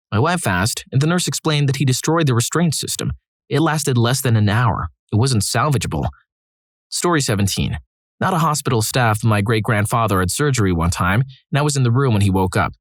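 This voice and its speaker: A man's voice: mid-range voice, sing-song, a little fast, dry recording. A man narrating read-aloud stories in a scripted style, adding wry, dry asides between them. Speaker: story narrator.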